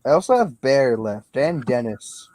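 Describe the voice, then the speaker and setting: Lively crude-joking man on a stream. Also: medium pitch, a little slow, dry recording. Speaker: streamer co-reading a storybook. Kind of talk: casual comic banter.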